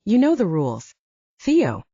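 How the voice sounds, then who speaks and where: A woman voicing a calm placating band manager. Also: mid-range voice, measured pace, slightly rough, no room sound, highs cut off, heavily acted. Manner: calm and reasoning. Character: steady middle-aged male band manager, placating.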